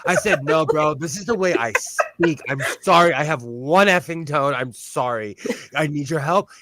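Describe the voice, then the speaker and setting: A man's voice: fairly high pitch, moderate pace, pushed and bright, slight background noise. A man chatting casually on a show, blunt and talkative with a self-deprecating streak. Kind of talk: casual chat. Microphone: on-camera mic.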